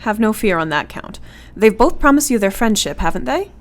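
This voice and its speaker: A woman playing a gentle young English woman in a radio play, who gently teases and reassures her friend. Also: fairly high pitch, big pitch swings, brisk. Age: young adult.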